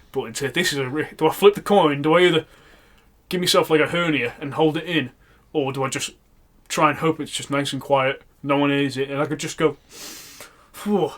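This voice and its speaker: A young man, co-hosting a podcast and telling funny stories in a loose, animated way, laughing and acting out quotes. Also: on the high side, fairly quick. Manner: animated, laughing storyteller with loud acted-out quotes. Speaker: podcast co-host. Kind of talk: casual comedic storytelling.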